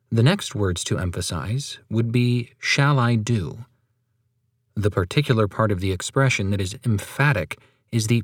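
A man reads a sermon aloud with steady, solemn emphasis. His voice sits fairly low, and the recording is close and dry, with no room sound around it. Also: dry recording. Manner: measured, solemn, emphatic reading. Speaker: reader of a sermon.

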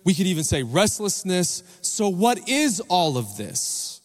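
A man's voice: high voice, big pitch swings, a little slow. A male pastor preaching a sermon in a church, often asking the congregation questions and calling for their responses. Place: church sanctuary. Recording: long reverb of a large church hall.

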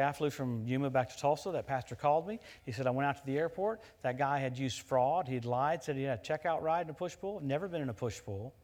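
A middle-aged man from the United States preaching a sermon, telling stories in an animated way that turns loud at the punchlines. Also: on the high side. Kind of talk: sermon with personal story.

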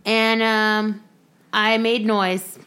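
A woman in casual podcast chat, halting and deadpan as she tells stories. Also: medium pitch, very noisy.

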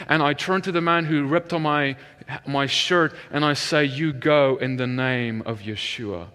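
A male minister giving a sermon and telling his testimony as an animated story, which drops to a hush when he retells prayers. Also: on the high side, big-room sound.

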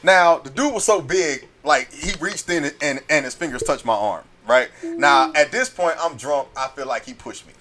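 A man in his thirties telling a story in casual chat, animated, acting out the voices and swearing freely. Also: on the high side, normal speed, few pauses, soft background music. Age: 30s.

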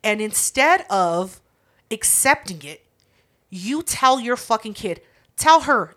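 A woman trades profane stories in a casual chat, animated and quick to laugh. Her voice sits high and swings widely, with a bright edge.

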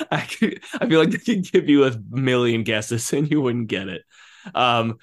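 A man's voice: medium pitch, lively intonation, unhurried. A man co-hosting a podcast, talking casually and animatedly about a film, laughing often and restarting his sentences. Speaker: podcast co-host.

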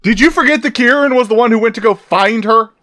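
A man giving casual watch-along commentary on a film, exasperated and yelling insults at the screen. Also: very high-pitched, quick pace, dry recording, clean studio sound. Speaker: co-host reacting to a film.

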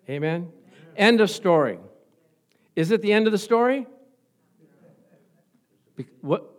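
A male preacher tells Bible stories in an animated way and leads soft, murmured prayer. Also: high voice, slow pace, pauses often. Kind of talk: sermon and prayer.

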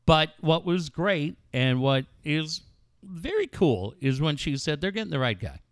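A man's voice: on the high side, unhurried, dry recording, studio quality. A man hosting a sports talk show, telling stories in a casual, profane way. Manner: animated, profane storytelling. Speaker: sports radio host.

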